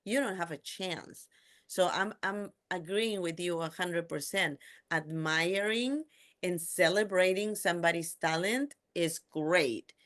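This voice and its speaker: A woman's voice: on the low side, a little slow. A woman from Peru, hosting a podcast and chatting casually, telling stories with animation. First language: Spanish. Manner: animated storyteller who acts out quoted voices. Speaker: podcast host. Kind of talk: casual interview chat.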